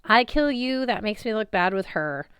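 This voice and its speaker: A woman voicing a brash, bullying male war god who taunts in a gruff, loud way, in an audiobook reading. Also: mid-range voice, expressive, moderate pace, no room sound, studio quality, close to an everyday voice. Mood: taunting.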